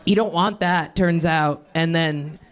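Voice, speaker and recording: A man's voice: fairly high pitch, slow pace, a bit bright. A sleep-deprived man doing a rambling, self-deprecating stand-up set with crude stories. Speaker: stand-up comedian. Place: comedy club stage.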